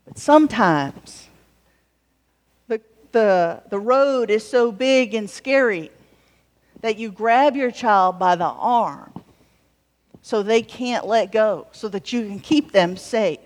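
Higher-voiced woman preaching in a reverberant hall. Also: lively intonation, slow. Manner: warm conversational preaching with wry humorous asides. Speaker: pastor. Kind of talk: sermon. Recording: long reverb of a large hall.

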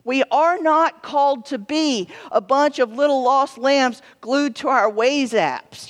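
A woman's voice: sits high, takes it slowly, hardly any pauses. A woman pastor preaching a sermon in a humorous, self-deprecating way, with frequent ums and restarts. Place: church sanctuary. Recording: long church reverb.

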